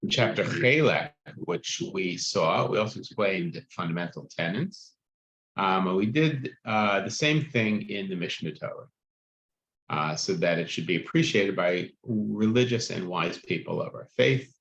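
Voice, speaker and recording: Man, teacher, reads and explains a text, animated delivery, muffled recording. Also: low-pitched, unhurried, slight background noise. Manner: reads a text aloud and explains it, with frequent "right?" and "um". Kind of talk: text-study class lecture. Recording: muffled, echoey room.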